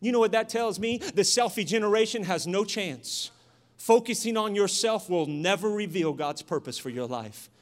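Middle-aged male pastor, high-pitched, preaches in surges from hush to shout. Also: lively intonation, moderate pace. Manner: swings from quiet storytelling to shouted exhortation. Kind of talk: sermon.

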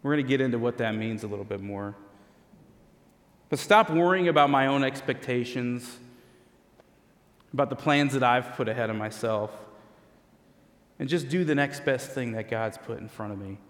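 A man's voice: mid-range voice, normal speed, long pauses. A man, a pastor, telling a humorous personal story in a conversational sermon. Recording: long hall reverb.

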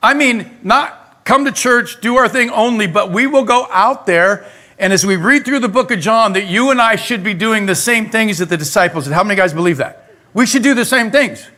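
A male pastor preaching a lively sermon in a church, talking straight to the congregation. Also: high-pitched, moderate pace. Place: church sanctuary.

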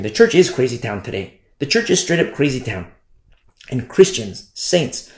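A man's voice: medium pitch, darkish tone, reverberant. A man preaching a sermon in an emphatic way, repeating phrases and often asking "you see?".

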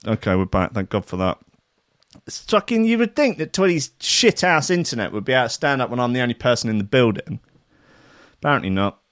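A man's voice: medium pitch, sing-song, a little fast, a bit bright, no room sound, clean studio sound. A man, working as a radio DJ, chatting casually and ranting sarcastically between records with plenty of swearing.

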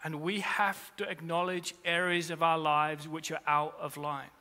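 A man's voice: fairly high pitch, flat delivery, unhurried, pushed and bright. A man, a pastor, preaching a sermon in earnest, repeating key phrases for weight. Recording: long reverb of a large hall.

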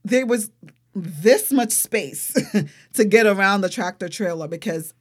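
Young woman guest, casual and expressive storyteller with a mid-range voice and lots of filler words. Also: mid-range voice, slow pace, breathy edge. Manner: animated, expressive, frequent fillers like "like". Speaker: interview guest.

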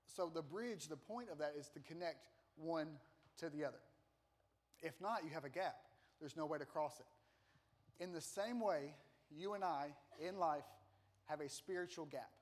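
A male pastor preaching a sermon, telling a funny personal story in an animated, self-deprecating way. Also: a little high, measured pace.

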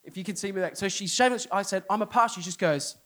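A man's voice: sits high, fast, slight background noise. A middle-aged man, a pastor, telling a funny story to a congregation, acting out the people in it. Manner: animated storyteller, acts out people, voice jumps up for inner outbursts. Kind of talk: humorous sermon storytelling. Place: church hall before a congregation.

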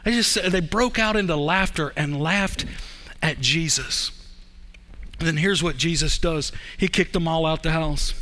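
A middle-aged man preaching from the pulpit, his voice pitched high and ringing bright. He tells the story conversationally, racing through some phrases and slowing right down on others for emphasis. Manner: conversational storytelling, swings between fast bursts and slow emphasis. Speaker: pastor. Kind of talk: sermon.

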